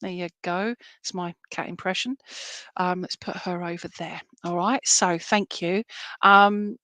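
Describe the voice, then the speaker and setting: A woman's voice: mid-range voice, moderate pace, dry recording. A woman who works as a medium, giving live readings in a loose, rambling way with lots of fillers and pet names for viewers. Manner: rambling, warm terms of address, many fillers. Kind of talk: live-stream reading, casual chat.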